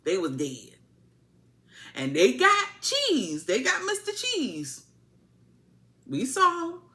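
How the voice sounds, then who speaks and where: A woman giving a casual, animated, colloquial TV episode recap, repeating her points for emphasis. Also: high-pitched, slow pace. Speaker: TV show reviewer.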